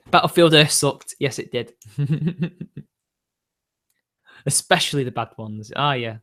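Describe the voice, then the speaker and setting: A man's voice: mid-range voice, slow, a bit bright. A man, chatting casually on a livestream, answering viewers' questions in an opinionated, rambling way with frequent laughs. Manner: rambling, opinionated, laughs often between remarks. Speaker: streamer.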